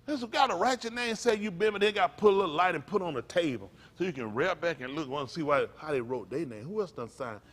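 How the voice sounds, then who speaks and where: Male pastor, kinda high voice, aave, joking sermon style, acts out little scenes. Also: expressive, fast talker, hardly any pauses, fairly bright tone. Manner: conversational preaching with comic asides and acted-out voices.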